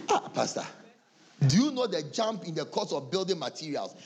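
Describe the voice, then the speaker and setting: A man's voice: fairly high pitch, very animated, moderate pace, a little mellow, husky. A man with a Ghanaian English accent, preaching as a pastor, acting out church members' excuses and laughing often. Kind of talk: sermon.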